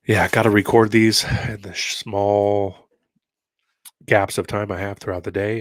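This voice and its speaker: A congested man with a nasal tone and a fairly low voice talks casually and reads passages aloud. His sound is dry and close, with no room echo. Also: little pitch movement, moderate pace. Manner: conversational, musing asides between read passages. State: congested from allergies. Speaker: host of a history-mystery channel. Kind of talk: casual commentary and reading aloud.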